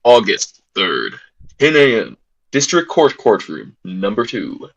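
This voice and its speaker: A man's voice: fairly low pitch, wildly swooping pitch, slow, gravelly, husky, no echo, muffled recording, heavily acted. A man voicing a nervous young defense attorney, narrating earnestly while reading a game aloud. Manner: earnest first-person narration. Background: game music.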